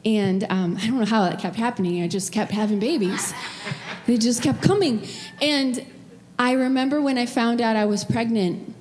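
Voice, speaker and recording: Woman pastor, middle-aged, slightly high voice, emotional sermon, long reverb of a church hall. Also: normal speed, a little mellow, slight background noise. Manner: emotional, tearful at times, personal storytelling. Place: church sanctuary.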